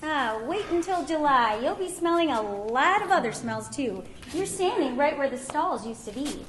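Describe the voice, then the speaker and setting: A woman's voice: high-pitched, animated, normal speed, reverberant, background noise. A woman playing a gracious, gushing theater executive producer in a community radio play. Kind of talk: amateur radio play acting.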